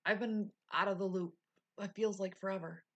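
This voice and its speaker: Woman, middle-aged, livestream host, bright voice, candid chatter, frequent laughs. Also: medium pitch, steady tone, moderate pace, dull audio. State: recovering, low on energy. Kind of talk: casual live chat with viewers.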